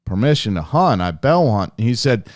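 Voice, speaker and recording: A young man telling a hunting story casually on a podcast, animated and heavily profane. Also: mid-range voice, moderate pace, no echo, clean studio sound. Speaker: podcast guest, hunter.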